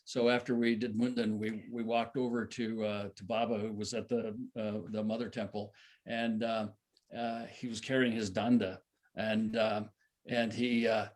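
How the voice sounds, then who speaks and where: A man's voice: lowish voice, flat delivery, normal speed. Rambling older man telling a story. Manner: rambling, many fillers and restarts. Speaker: satsang storyteller. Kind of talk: casual spoken storytelling.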